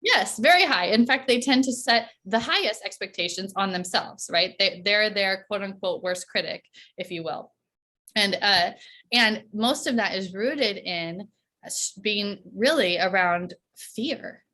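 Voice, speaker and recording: A woman's voice: mid-range voice, measured pace, bright, forceful tone. Woman, performance coach, casual interview, chatty, frequent "right?", laughs often.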